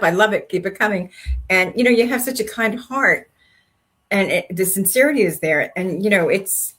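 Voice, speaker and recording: An older woman co-hosting a faith-based talk show, chatting casually and telling animated stories with acted-out dialogue. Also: medium pitch, slightly rough. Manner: animated storyteller, acts out quoted speech. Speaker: co-host.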